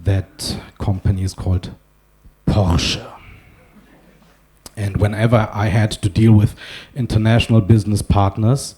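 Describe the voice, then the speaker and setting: A man's voice: on the low side, little pitch movement, moderate pace, hardly any pauses, dark tone, husky. A man from Germany giving a conference talk, telling wry, self-deprecating stories with asides. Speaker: conference speaker. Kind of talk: humorous keynote talk. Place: conference hall.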